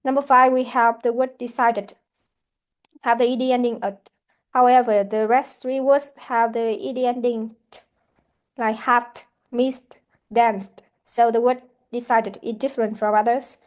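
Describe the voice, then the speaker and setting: A woman English teacher going through an answer key in a halting way, with frequent restarts. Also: on the high side, little pitch movement. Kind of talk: classroom answer-key walkthrough.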